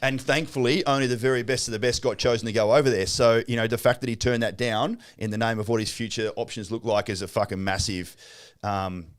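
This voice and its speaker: Brief: Australian male co-host, rapid-fire, blunt and sweary, studio chat. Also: medium pitch, clean tone. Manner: blunt, sweary, animated storyteller. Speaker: property coach and co-host. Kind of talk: casual studio podcast chat.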